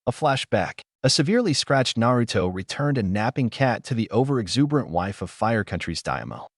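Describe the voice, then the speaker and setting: A man reading a fan story aloud as narrator, with wry, animated storytelling. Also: mid-range voice, no echo, clean studio sound.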